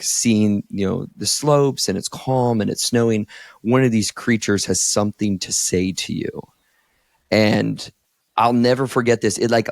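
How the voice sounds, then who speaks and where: Low gravelly-voiced man telling a personal story. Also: no room sound, clean studio sound. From Northeast Ohio. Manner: candid, heavy use of "like", emotional storytelling. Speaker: podcast co-host, therapist. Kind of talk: casual podcast conversation.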